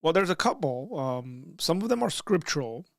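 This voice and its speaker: A man's voice: a little high, big pitch swings, moderate pace, vocal fry, no room sound, studio quality. Casual man answering chat questions. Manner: loose and conversational, frequent ums and restarts, reading questions aloud. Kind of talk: casual livestream Q&A.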